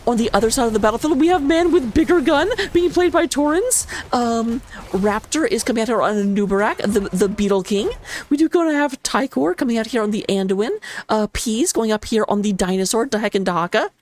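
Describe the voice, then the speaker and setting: A woman with a slightly high voice calls a live esports match. She talks rapidly and excitably, cracking playful jokes as she goes. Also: a little hiss or hum. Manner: playful, jokey. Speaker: esports caster. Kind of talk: live game commentary on a stream.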